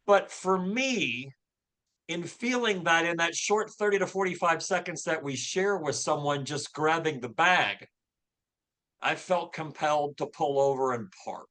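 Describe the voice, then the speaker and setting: This guest, a Louisville, Kentucky man in his fifties, has a high-leaning, sharp voice and takes his time. He shares his faith journey in a casual interview on a podcast, earnestly, with frequent fillers and false starts.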